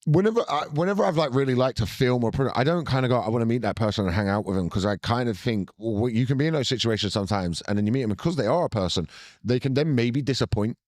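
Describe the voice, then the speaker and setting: A young British man co-hosting a podcast, telling stories in an excitable, sweary, casual way. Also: mid-range voice, fast, no echo, studio quality. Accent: British English. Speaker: podcast co-host. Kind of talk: casual chat.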